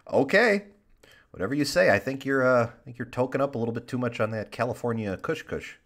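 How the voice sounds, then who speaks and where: A man's voice: mid-range voice, fairly even intonation, fairly quick. A man from Michigan co-hosting a live stream, chatting casually, swearing and laughing often. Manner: laughs a lot, swears, joking. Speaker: stream co-host.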